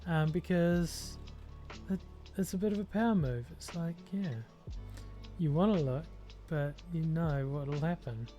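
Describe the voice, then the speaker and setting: Painting miniatures on a livestream, a New Zealand-accented streamer chats casually and thinks out loud, saying "um" a lot. The voice is mid-range, unhurried, and dark in tone, with soft music behind it.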